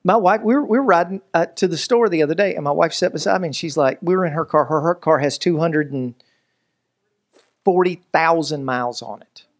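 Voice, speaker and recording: Pastor guy preaching, high-pitched, jokey, does little voices. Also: brisk. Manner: animated, joking, preacherly delivery with voices and asides. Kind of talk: sermon.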